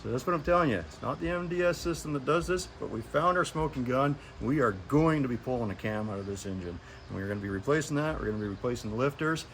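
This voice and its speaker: A man's voice: mid-range voice, expressive, fast talker, hardly any pauses, a bit bright. An easygoing mechanic in a garage, chatting through the job as he works, with a mid-range, ordinary voice. Faint workshop hum sits underneath his talk. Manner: easygoing, folksy, explaining as he works. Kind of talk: casual shop talk to camera.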